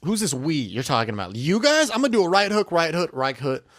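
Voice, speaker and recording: Young male comic co-host, quick and animated, dry room. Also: fairly high pitch, dry recording. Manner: animated, jumps into quick impressions. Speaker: podcast co-host. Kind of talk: casual comedic chat.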